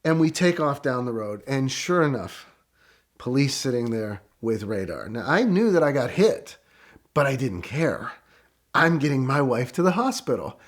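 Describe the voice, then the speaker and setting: A middle-aged man telling a story in a casual, animated way, with quick excited bursts. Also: mid-range voice. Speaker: guest storyteller.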